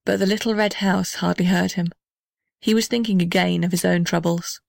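A woman narrating a children's story in a gentle, even reading voice. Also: lowish voice, normal speed, creaky, no room sound, studio quality. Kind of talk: scripted narration.

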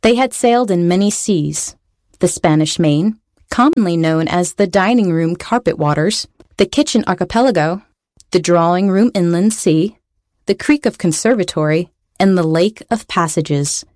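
A woman's voice: fairly low pitch, moderate pace, a little mellow, no echo, studio quality. A woman reading a children's storybook aloud, playful, with wry asides to the listener.

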